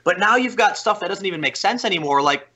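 A man with a bright, pressing edge to his voice, sitting a little high in pitch. He talks as a podcast guest in loose, animated chat. He piles on fillers and false starts as he tells the story. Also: fast talker, breathy edge. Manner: animated storytelling, lots of "like" and restarts.

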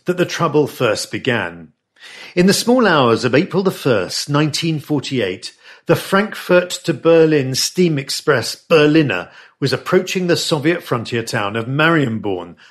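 A man narrating a history podcast in a scripted, storytelling way, stressing dramatic moments. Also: mid-range voice. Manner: storytelling with lively dramatic emphasis.

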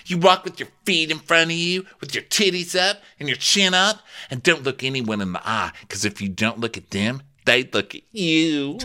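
A man voicing a ditzy, self-absorbed young woman in a high, drawn-out whine. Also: pushed and bright.

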